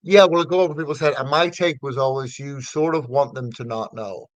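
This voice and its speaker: A man's voice: medium pitch, fairly quick, no echo, lo-fi sound. Northern Irish man, dry close mic. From north of Ireland. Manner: rambling, with many fillers and restarts. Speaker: comedian guest. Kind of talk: casual interview chat.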